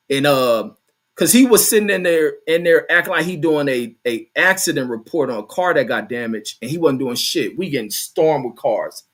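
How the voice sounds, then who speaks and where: A man's voice: fairly high pitch, fairly bright tone. A middle-aged man hosting a show, telling a work story and reading viewer comments aloud, casually and with a lot of cursing. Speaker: host.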